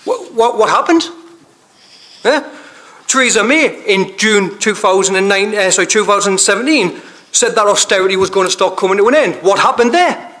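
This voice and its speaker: A man's voice: sits high, animated, normal speed, pushed and bright. Angry man giving a council speech. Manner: angry, rhetorical, repeats questions. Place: council chamber.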